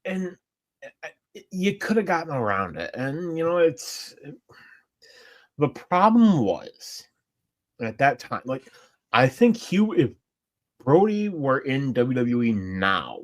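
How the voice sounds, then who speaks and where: A man from upstate New York with a New York accent, co-hosting a casual wrestling podcast with quick, emphatic interjections. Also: medium pitch, animated. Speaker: podcast co-host.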